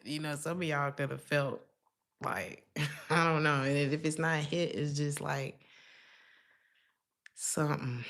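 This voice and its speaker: A woman's voice: low-pitched, fairly even intonation, takes it slowly, pauses often. A woman giving a casual tarot reading to her viewers, chatty and slangy, laughing often between her thoughts. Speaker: tarot reader.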